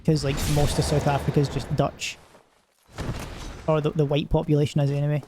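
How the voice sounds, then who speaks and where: A man's voice: on the high side, monotone, brisk, background noise. A man streaming a game, chatting casually and joking in a rambling way with lots of filler words. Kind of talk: casual gaming stream commentary.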